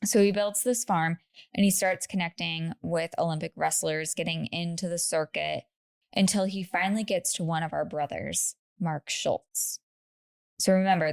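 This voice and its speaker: A woman's voice: lowish voice, creaky. A woman co-hosting a podcast, telling a true story in casual chat with laughing asides and lots of "like".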